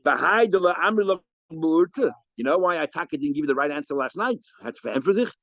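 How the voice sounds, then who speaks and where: Fast-talking rabbi teaching a Talmud class. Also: male voice, on the high side, no room sound. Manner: lively, animated, explains and asks questions. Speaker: rabbi teaching daf yomi. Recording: muffled lo-fi sound.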